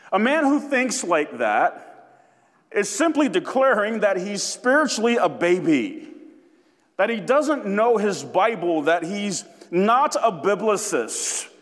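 A man preaching a sermon as pastor, emphatic and deliberate, repeating key phrases for weight. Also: high-pitched, big-room sound.

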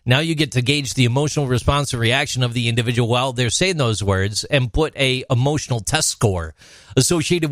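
A man's voice: on the high side, fairly bright tone, no room sound. A man co-hosting a casual podcast chat, asking probing questions and building long rhetorical ones. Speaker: podcast co-host.

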